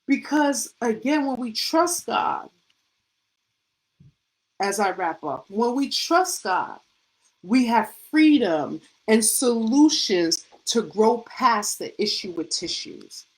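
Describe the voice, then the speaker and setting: Slow yet very animated, a middle-aged woman who works as a faith coach delivers a devotional pep talk, leaning on slangy vernacular, rhetorical questions and punchy repetition. Her voice is a little high, captured on poor audio.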